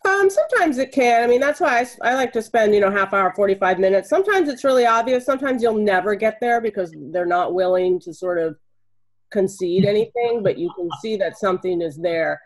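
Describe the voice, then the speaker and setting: A woman's voice: mid-range voice, lively intonation, a little fast, poor audio. A woman speaks on a webinar panel as a jury consultant, explaining her methods through stories from past cases. Her delivery is conversational and easy. She is heard over a video call.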